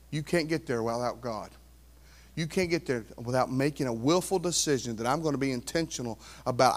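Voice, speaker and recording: A man preaching a sermon in an animated way, swinging from quiet asides to near shouting. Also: mid-range voice. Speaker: pastor.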